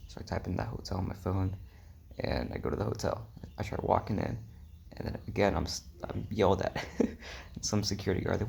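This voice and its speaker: A man's voice: sits low, steady tone, fairly quick, gravelly, darkish tone, a little hiss or hum. A young man telling a rambling travel story in a casual vlog, full of "like" and "um", slipping into whispery asides. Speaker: travel vlogger.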